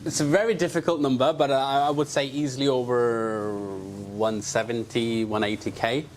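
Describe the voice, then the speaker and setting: A man's voice: mid-range voice, moderate pace, slight background noise. A man, a clinic doctor, telling stories in a casual interview, acting out dialogue with plenty of fillers. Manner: animated anecdotes with quoted dialogue and fillers. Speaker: aesthetic doctor, clinic co-founder.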